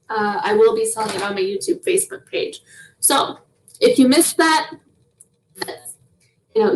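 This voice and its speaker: A woman's voice: medium pitch, distant mic, a little hiss or hum, low-quality recording. A young woman chatting as an interview guest, laughing often between her phrases. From Canada. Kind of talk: casual interview chat.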